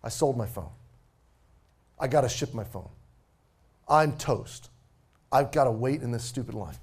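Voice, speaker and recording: A man's voice: mid-range voice, animated, measured pace, slightly rough. A man in his forties, a pastor preaching a sermon as a casual, self-deprecating story.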